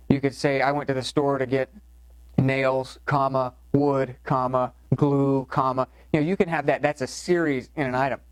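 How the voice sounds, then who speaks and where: A man's voice: medium pitch, no room sound, rough recording. Conversational man teaching a writing lecture. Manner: conversational, explanatory, many fillers and restarts. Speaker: course instructor. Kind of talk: recorded lecture.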